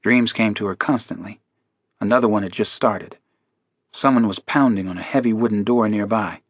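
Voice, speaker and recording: A man narrating a crime thriller audiobook in a steady, measured delivery. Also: lowish voice, husky, no echo, lo-fi sound.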